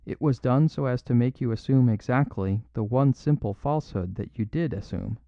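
A man reading an audiobook, voicing a gentle little priest who answers softly and calmly. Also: mid-range voice, moderate pace, dry recording, natural voice. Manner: soft, even, mild replies. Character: gentle little male priest detective, calm and quietly odd. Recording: dull lo-fi dry recording.

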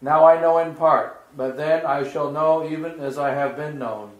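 A man's voice: on the high side, steady tone, muffled recording. Man reading scripture in an echoey church. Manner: measured, declamatory reading with a slip and restarts.

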